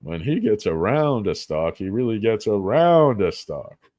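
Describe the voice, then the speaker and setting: Male stock streamer, rambling jokester, swinging pitch, dry close sound. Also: big pitch swings, a little slow, darkish tone, no echo. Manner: rambling, joking, bouncy delivery. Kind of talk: casual livestream chat.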